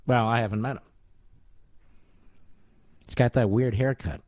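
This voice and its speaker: A man's voice: medium pitch, steady tone, unhurried, long pauses, a little mellow, no echo. A man in his sixties hosting a radio talk show, giving combative, sarcastic political commentary full of rhetorical questions. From United States. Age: 60s.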